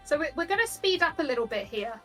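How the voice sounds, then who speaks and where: A woman giving live tournament commentary on a competitive game, bubbly and quick to laugh. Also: high-pitched, very animated, fairly bright tone, soft background music, poor audio. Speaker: esports commentator.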